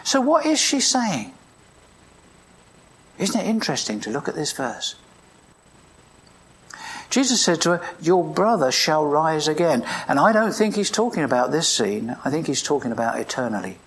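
A preacher delivers a morning sermon, stopping often to ask the listeners pointed questions. The voice has a husky grain and a very animated pitch that rises and falls across the phrases, over a steady, reflective delivery. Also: moderate pace, long pauses. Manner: questioning, reflective, asks the congregation directly. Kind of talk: sermon with scripture reading.

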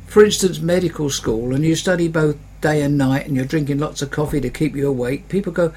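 A man's voice: fairly high pitch, a little fast, few pauses, darkish tone, slight background noise. A man preaching a sermon as pastor, conversational, putting on mocking voices when quoting critics.

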